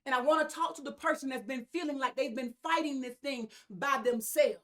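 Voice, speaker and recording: A woman's voice: high-pitched, brisk. A woman preaching a sermon, emphatic and repetitive, with asides to her congregation.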